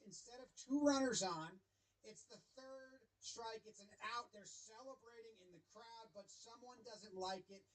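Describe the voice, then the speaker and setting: A man's voice: high-pitched, low-quality recording. A man giving wry, chatty play-by-play commentary over a baseball clip. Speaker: sports video commentator.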